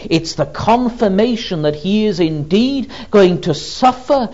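Male preacher, sermon, unhurried and deliberate, lively rises and falls, muffled lo-fi recording. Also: sits high. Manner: slow and deliberate, with rhetorical questions. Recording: dull lo-fi recording.

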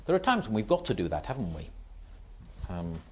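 A man's voice: lowish voice, huge pitch swings, a little fast, slight background noise. A man preaching a sermon, explaining patiently and asking rhetorical questions. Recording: dull lo-fi recording.

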